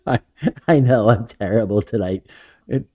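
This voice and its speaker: A man's voice: lowish voice, breathy edge. A man hosting a casual internet talk radio show, rambling and self-amused with chuckling asides. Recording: muffled lo-fi internet radio audio.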